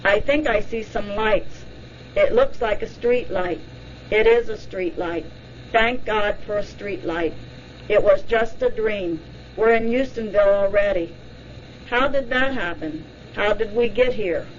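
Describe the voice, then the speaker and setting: A woman's voice: medium pitch, a little slow, a little hiss or hum, lightly acted. A woman voicing a frightened woman reliving an abduction under hypnosis, pleading in the first person, on a dull lo-fi recording. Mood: distressed.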